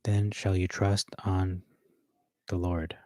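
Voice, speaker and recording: A man rehearsing a sermon, reading scripture aloud and pausing with fillers and self-corrections. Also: low-pitched, flat delivery, a little mellow, dry recording. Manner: reads verses aloud, with hesitant fillers and self-corrections between. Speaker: preacher.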